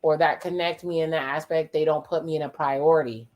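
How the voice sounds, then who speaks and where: A casual watch-along host who talks back at the screen at a medium pitch. The host swears freely, drops wry exclamations and slips into quick quoted voices to retell what the people on screen say. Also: fairly even intonation, darkish tone. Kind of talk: casual reaction commentary.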